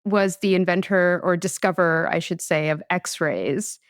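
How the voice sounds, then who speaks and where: Young American woman, casual podcast storyteller, smooth voice, dry close sound. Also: lowish voice, a little slow, no echo. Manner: chatty, laughs often, lots of "like". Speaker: podcast host telling a science history story.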